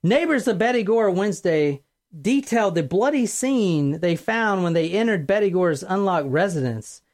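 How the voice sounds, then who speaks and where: A woman hosting a podcast, telling a true-crime story in a casual, animated way, swearing freely. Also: medium pitch, moderate pace. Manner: animated, profane, acts out quotes. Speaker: podcast host.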